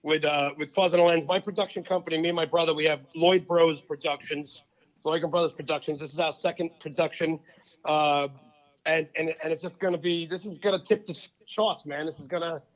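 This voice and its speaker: A man's voice: fairly high pitch, fairly even intonation, a little fast. A man chatting as a guest comedian, rambling and jokey as he plugs his work. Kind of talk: casual chat. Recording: dull lo-fi sound.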